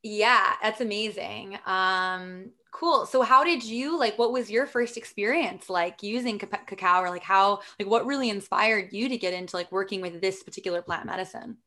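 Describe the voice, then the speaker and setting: A woman's voice: mid-range voice, normal speed, hardly any pauses, sharp tone. A woman hosting a podcast interview, enthusiastic and affirming, with many fillers. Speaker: podcast host. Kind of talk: casual interview.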